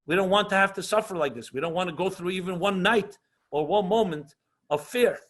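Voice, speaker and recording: A man teaching an online class as a rabbi, earnest and passionate, often slowing down for emphasis and mixing Hebrew and Yiddish terms into English. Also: high-pitched, fairly bright tone. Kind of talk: lecture with questions and answers.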